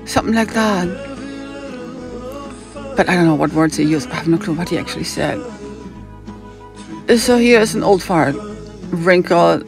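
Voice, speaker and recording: A woman from Hamburg with a German accent tells a long, meandering story in a gravelly voice full of vocal fry, pitched fairly low. She speaks at a moderate pace with long pauses, drifting into tangents and slipping into other people's voices to act out their lines. Faint music plays beneath her.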